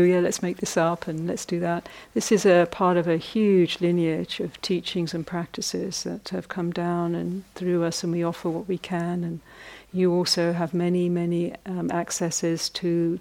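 A middle-aged woman, a meditation teacher, giving a reflective dharma talk at a retreat in a conversational way, with frequent pauses and restarts and laughter at her own jokes. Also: on the low side, darkish tone.

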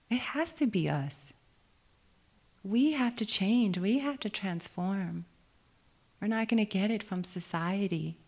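On retreat, a female meditation teacher delivers a dharma talk in a medium pitch. Her tone is soft and thoughtful, with frequent questions and easy laughter.

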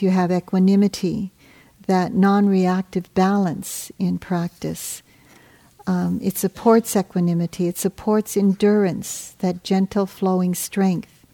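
A woman meditation teacher giving a dharma talk, soft and gentle, unhurried and reflective. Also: mid-range voice.

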